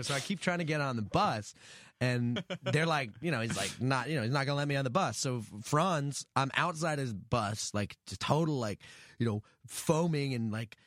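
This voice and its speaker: A man in casual podcast chat, telling a story with lots of swearing and animated retelling. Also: medium pitch, normal speed, dry recording, clean studio sound. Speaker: guest musician.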